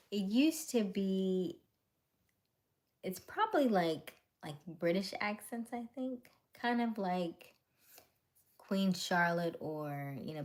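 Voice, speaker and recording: Slow-talking woman chatting on a livestream. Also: on the low side, a little mellow. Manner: chatty, answers viewer comments, laughs often. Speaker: livestream host. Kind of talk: casual live chat with viewers.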